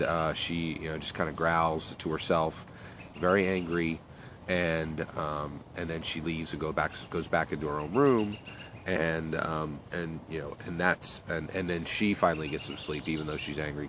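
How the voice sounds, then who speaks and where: A man's voice: rumbling low, fairly even intonation, normal speed, a bit bright, slight background noise. A man telling a story off the cuff, rambling with many fillers and restarts. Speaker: author telling his story. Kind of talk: unscripted story narration.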